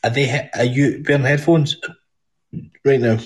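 A man's voice: mid-range voice, steady tone, normal speed, poor audio. A Scottish man hosting a casual podcast call, blunt and teasing, swearing freely.

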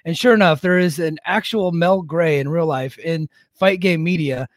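A man co-hosts a podcast in a fairly high voice, rambling and joking and laughing as he goes. The recording is dry and close. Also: normal speed, no room sound. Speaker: podcast co-host. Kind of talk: casual chat.

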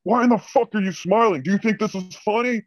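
A man's voice: sits high, quick pace, no echo, pitched above the performer's own voice, natural voice. A man voicing a furious male school boss who screams profane insults at his staff. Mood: scolding. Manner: yelling, profane berating.

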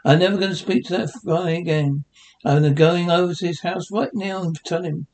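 A man voicing a loud, blustering stone-age working man in a 1960s cartoon, gruff and quick to anger. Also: high-pitched, fairly even intonation, slight background noise. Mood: huffy.

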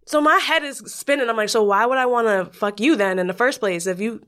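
A woman's voice: a little high, fairly quick, fairly bright tone. A young woman co-hosting a podcast, telling a story in blunt, profane casual chat, full of quoted dialogue. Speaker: podcast co-host.

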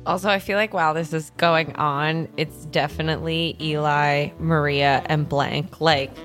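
A woman's voice: low-pitched, steady tone, unhurried, fairly bright tone, faint music behind. A woman playing a tabletop role-playing game, chatting casually about her character. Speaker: player.

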